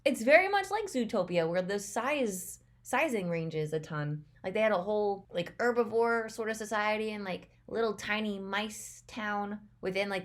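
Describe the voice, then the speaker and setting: Chatty young woman reacting to a trailer. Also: medium pitch. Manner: chatty, rambling, quick to laugh. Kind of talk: casual reaction commentary.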